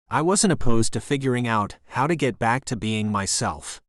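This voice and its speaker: A man's voice: medium pitch, expressive, moderate pace, hardly any pauses, a bit bright, dry recording. Male audiobook narrator, dry close sound. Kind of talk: scripted romance audiobook narration.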